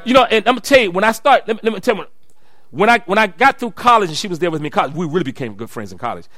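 A middle-aged pastor preaching to his church. His voice is high and sharply bright. He tells stories, then climbs into loud, shouted preaching, and the sound is dry and close. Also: very animated, racing, no room sound. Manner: storytelling, rising to shouted preaching. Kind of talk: sermon.

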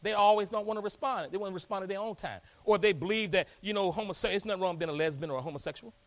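A man preaching a lively sermon in a church, folksy and rousing, calling out to the congregation. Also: high voice, very fast. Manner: folksy, rousing, call-and-response. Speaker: pastor. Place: church hall.

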